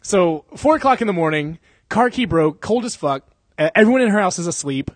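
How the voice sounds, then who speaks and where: A man's voice: sits high, lively intonation, brisk, dry recording. A young man casually telling a long story on a podcast, rambling and swearing, with lots of fillers and mouth sound effects.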